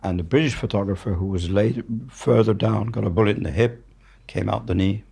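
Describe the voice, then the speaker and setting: A French war journalist in his seventies appears as a guest, telling candid stories in English with a French accent. His voice is fairly low, brisk, gravelly, mellow and slightly rough, and he's blunt, matter-of-fact and swears freely.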